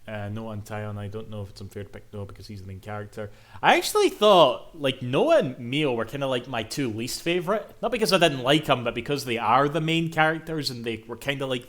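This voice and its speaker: A man's voice: mid-range voice, a bit bright. A young man chatting casually while streaming a game, rambling, swearing and laughing often. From Scotland. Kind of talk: casual live-stream chat.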